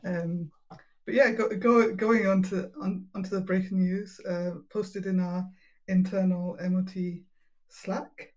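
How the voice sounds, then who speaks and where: A woman's voice: on the low side, fairly even intonation, slow pace, a little mellow, rough recording. A woman from the community team chatting casually with frequent laughs and fillers. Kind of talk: casual live chat.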